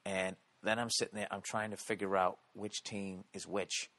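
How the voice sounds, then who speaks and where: An American man telling a comedic story and ranting, loud and animated, swearing constantly and tossing in rhetorical "okay?" asides. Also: low voice, normal speed. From United States. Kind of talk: profane comedic storytelling rant.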